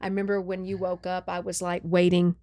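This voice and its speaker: A woman's voice: lowish voice, a little fast, no echo, studio quality. A woman hosting a podcast, telling a story in casual chat, often saying "right?" and "like". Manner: animated, often says "right?" and "like". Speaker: podcast host.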